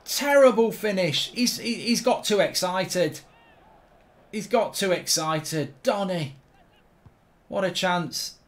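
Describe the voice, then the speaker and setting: A middle-aged man commentating on his own football video game, grumbling and swearing one moment and yelling the next. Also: sits high, slow, pauses often. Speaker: gaming streamer. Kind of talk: live gameplay commentary.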